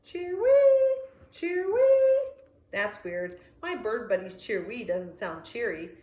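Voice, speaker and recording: A woman voicing a friendly young male dog, anxious but kind, in a lively storybook reading with sound effects. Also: fairly high pitch, slow, roomy sound. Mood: eager.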